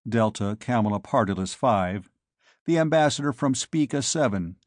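A man narrating a story in the first person with a measured, wry delivery. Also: medium pitch, expressive, no room sound, clean studio sound. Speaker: audiobook narrator.

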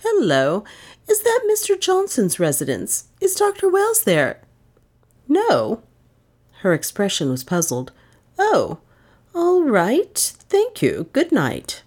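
A woman's voice: a little high, huge pitch swings, slow, a little mellow, voice pushed up, heavily acted. A woman voicing an icy, imperious older lady. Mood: firm. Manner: icy, firm, indignant.

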